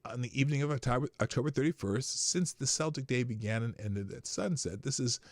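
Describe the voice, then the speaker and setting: A man's voice: mid-range voice, a little fast, dry recording. A man hosting a live morning news show, talking casually and rambling off the cuff, with the odd swear. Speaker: host.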